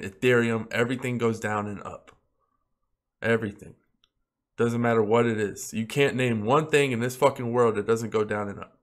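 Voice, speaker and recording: A man vlogging about crypto trading, talking bluntly and with plenty of swearing, like a preachy pep talk that climbs in pitch as he gets worked up. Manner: grows louder and higher when worked up. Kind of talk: unscripted vlog rant.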